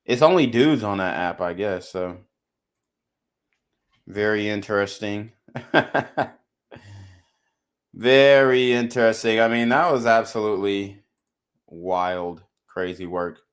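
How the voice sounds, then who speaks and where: A man's voice: fairly low pitch, a little slow, clear, resonant tone. A man hosting a podcast, reacting to clips with blunt, slangy commentary and lecturing his listeners. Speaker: podcast host.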